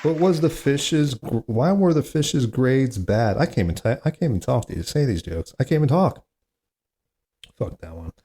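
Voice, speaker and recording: A man's voice: medium pitch, expressive, normal speed, dark tone, some chatter behind, a little hiss or hum. Man groaning at his own corny jokes. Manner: self-mocking, groans at his own bad jokes, chatty asides. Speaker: podcast host. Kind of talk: solo comedy podcast, reading corny jokes.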